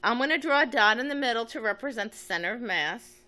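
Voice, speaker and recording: Speaking quickly with lively intonation, a woman with a slightly high, bright, forceful voice gives a step-by-step physics lesson. She reasons out loud as she writes and draws, taking the problem methodically.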